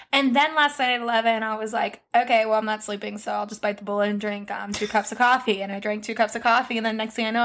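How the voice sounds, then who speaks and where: A woman's voice: a little high, fairly bright tone. A young adult woman co-hosting a podcast, playful, laughing a lot and swearing casually. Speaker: podcast co-host. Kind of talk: casual chat.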